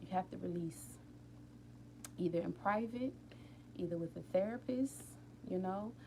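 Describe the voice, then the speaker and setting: A woman hosting a casual live stream from home late at night, rambling warmly and talking straight to her viewers about healing and feelings. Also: fairly low pitch, a little slow, background noise. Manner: openly emotional, tearful at times. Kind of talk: casual inspirational chat.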